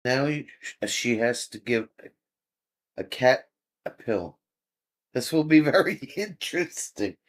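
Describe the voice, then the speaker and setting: A man's voice: mid-range voice, expressive, slow, pauses often. A man hosting a casual livestream, chatting easygoing with viewers, reading their comments aloud and chuckling often. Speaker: livestream host. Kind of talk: casual chat with live viewers.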